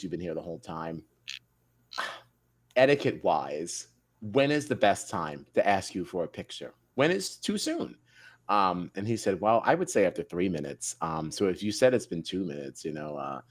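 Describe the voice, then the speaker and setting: A man co-hosting a podcast, animatedly telling stories and acting out quotes in casual chat. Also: low voice. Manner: animated storytelling, acts out quotes. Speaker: podcast co-host. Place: Midtown Manhattan.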